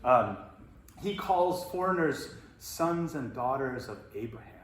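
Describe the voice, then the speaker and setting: A man's voice: mid-range voice, expressive, measured pace. A man teaching about the Bible in a reflective, hesitant way, with many fillers. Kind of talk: teaching talk. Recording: roomy echo, faint noise.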